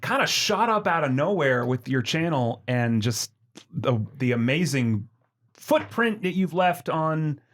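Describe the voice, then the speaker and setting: A man's voice: on the high side, big pitch swings, measured pace, a bit bright. A man hosting a podcast in casual chat, joking and swearing casually. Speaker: podcast host.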